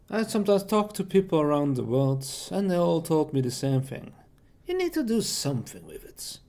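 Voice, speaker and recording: A man with a high-pitched voice gives a casual self-introduction. He talks at an unhurried, slow pace, and his phrasing is halting and loose as he feels his way through each sentence. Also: mellow. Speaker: streamer and hobby voice actor.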